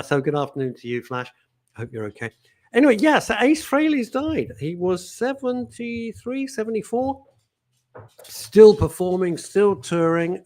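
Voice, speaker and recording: Animated, lively talk show host. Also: male voice, medium pitch. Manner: chatty, jokey and opinionated, with bursts of indignation. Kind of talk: casual chat.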